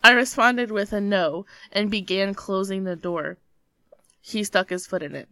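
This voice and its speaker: A woman's voice: mid-range voice, unhurried, pushed and bright, no room sound. A young adult woman, a podcast co-host, reading a scary story aloud with dramatic storytelling and nervous laughter.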